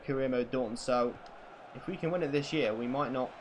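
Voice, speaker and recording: While streaming a football video game, a man provides commentary on the play and talks to his viewers, getting excitable with swearing and shouted outbursts. He has a mid-range voice at a moderate pace, with background noise present.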